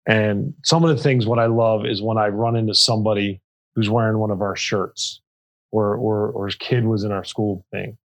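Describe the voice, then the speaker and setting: A man's voice: fairly low pitch, steady tone, normal speed, low-quality recording. A middle-aged man, a nonprofit co-founder and chief executive, speaking earnestly in a podcast interview and telling stories with many restarts. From Pennsylvania.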